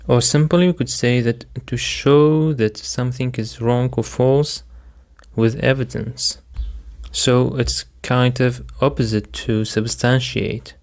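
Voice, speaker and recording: A man's voice: mid-range voice, steady tone, takes it slowly. A man teaching vocabulary as a second-language speaker, repeating each word and walking through its stress, meaning, synonyms and example sentences step by step. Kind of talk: slow, methodical vocabulary lesson.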